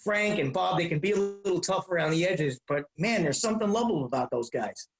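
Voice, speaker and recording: A man in his fifties, a comedian guest telling rambling, animated stories in a casual interview. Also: high voice, fairly quick, roomy sound, poor audio.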